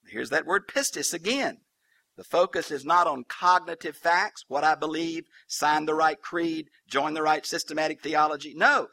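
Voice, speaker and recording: A man's voice: fairly high pitch, bright, forceful tone. A man preaching a Bible teaching sermon, folksy and humorous with colloquial asides.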